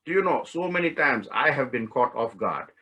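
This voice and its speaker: A man teaching an online spiritual study course, telling a story in a relaxed way and laughing often. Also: medium pitch, moderate pace, slightly rough, muffled recording. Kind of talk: storytelling talk. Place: online class session.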